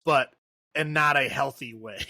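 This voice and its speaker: A man with a bright, mid-pitched voice chats casually on a podcast, filling in movie plot details. He is close to the mic, and the sound is dry. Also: unhurried, dry recording. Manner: chatty, fills in plot details. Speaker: podcast co-host.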